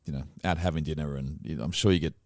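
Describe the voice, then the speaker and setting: A man's voice: rumbling low, fairly even intonation, rapid-fire, dry recording, studio quality. An Australian man hosting a podcast interview, asking rambling questions with frequent restarts. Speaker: podcast host. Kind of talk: casual interview.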